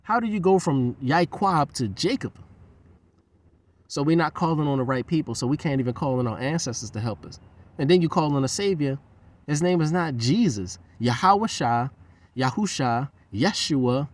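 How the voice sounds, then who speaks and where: A man's voice: on the high side, animated, moderate pace. A man talking in a loose, profane, rambling monologue. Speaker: host.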